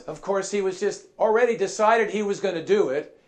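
A man preaching a sermon, emphatic and repetitive, asking his listeners questions and swinging from soft asides to shouted emphasis. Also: sits high, lively intonation, fairly quick. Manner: emphatic, repeats key phrases, asks the congregation questions.

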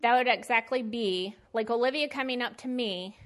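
Woman Bible teacher, fairly high voice, chatty, emphatic preaching with slang. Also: moderate pace, a bit bright. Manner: conversational and emphatic, with plain slangy asides. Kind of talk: casual sermon.

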